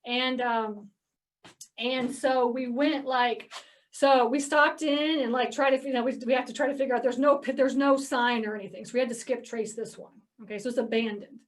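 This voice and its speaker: A woman's voice: a little high, fairly even intonation, moderate pace, recorded from a distance. A woman telling a casual story to an audience about buying storage facilities, chatty and full of "like" and "okay?", acting out her phone calls. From Georgia, US. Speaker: real estate investor speaking at a meeting.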